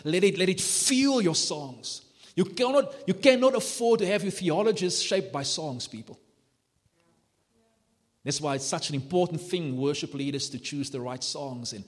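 Pastor guy preaching hard, voice a bit high, big echoey church hall. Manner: passionate, animated preaching with rising emphatic peaks. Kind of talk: sermon. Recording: long hall reverb.

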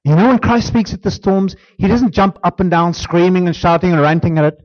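High-voiced preacher, dramatic hush. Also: male voice, steady tone, a little fast, few pauses, lo-fi sound. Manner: dramatic, swings from emphatic to hushed near-whispers. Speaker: pastor. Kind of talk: sermon.

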